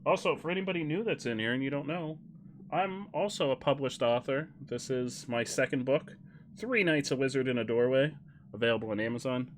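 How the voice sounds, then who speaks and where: A man's voice: mid-range voice, brisk, slight background noise. Jokey male streamer. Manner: jokey, laughs often, rambling self-corrections. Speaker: game streamer. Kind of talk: casual live-stream chat.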